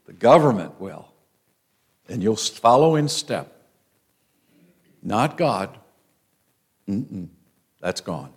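A man's voice: mid-range voice, darkish tone. Older man teaching a Bible class. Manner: conversational, many ums and restarts.

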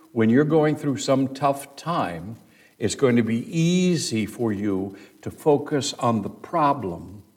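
A man's voice: mid-range voice, a little mellow. A man teaching a Bible study sermon, reading scripture aloud with dramatic emphasis.

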